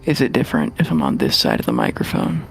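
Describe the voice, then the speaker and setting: A woman co-hosting a podcast, chatting playfully and teasing in quick bursts. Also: a bass voice, huge pitch swings, creaky, soft background music. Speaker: podcast co-host. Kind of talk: casual chat.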